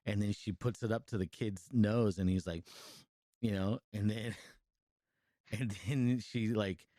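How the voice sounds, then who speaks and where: A man's voice: on the low side, dark tone, no room sound, studio quality. A man co-hosting a podcast, casually retelling a movie scene by scene in a rambling, profane way, full of fillers and restarts. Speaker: podcast co-host reviewing a movie. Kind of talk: casual chat, retelling a film.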